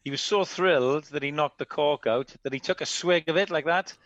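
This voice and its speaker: A man's voice: a little high, a little fast, fairly bright tone, no echo. Man, rugby commentator, teasing banter, dull dry audio. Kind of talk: casual chat.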